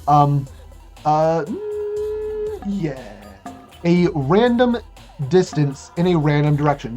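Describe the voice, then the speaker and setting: A chatty speedrunner talking through a live run, joking about the game's rules and plot while making moves. The delivery rambles and restarts casually, with faint game music playing quietly underneath. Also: medium pitch. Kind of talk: speedrun commentary.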